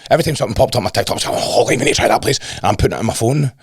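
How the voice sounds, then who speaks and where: A man's voice: mid-range voice, animated, rapid-fire, vocal fry, husky, no room sound, studio quality. A Scottish man co-hosting a casual fitness podcast, telling rambling stories, swearing and repeating himself. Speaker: fitness coach and podcast co-host. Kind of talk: casual chat.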